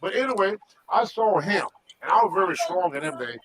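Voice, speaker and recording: A man's voice: high voice, sing-song, brisk, background noise. An older man, a former wrestler, telling stories casually and animatedly, acting out quotes with loose grammar. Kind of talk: casual storytelling.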